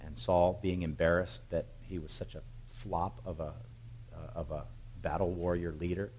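A man preaching a sermon, retelling a Bible story with animated, emphatic storytelling. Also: sits low, moderate pace, a little hiss or hum, rough recording. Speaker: pastor.

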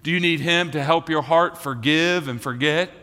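High bright-voiced pastor preaching. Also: male voice, normal speed, long reverb tail. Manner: vivid storytelling, speaking to the children. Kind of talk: sermon. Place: church.

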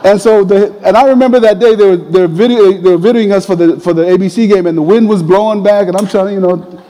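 High-voiced preacher man in an echoing hall. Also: quick pace. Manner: conversational, animated retelling with quoted voices. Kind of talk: sermon with personal storytelling.

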